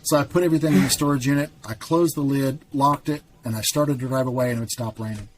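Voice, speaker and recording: A man's voice: mid-range voice, fairly even intonation, fast talker, slight background noise. A man, a podcast guest, telling a heartfelt personal story in an earnest, emphatic way and chuckling now and then.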